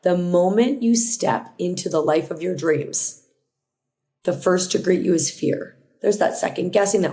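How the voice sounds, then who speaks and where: A woman with a fairly low voice hosts her own podcast alone, talking earnestly and reflectively. She often starts a phrase over and then carries on, and now and then drops in a quick aside. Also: mellow. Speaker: podcast host. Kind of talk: motivational solo podcast talk.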